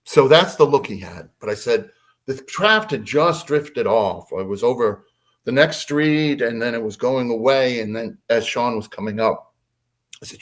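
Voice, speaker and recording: A man, a podcast guest, telling a story in a lively way and acting out quotes. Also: moderate pace. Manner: lively, acts out quotes with big pitch swings. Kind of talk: animated storytelling.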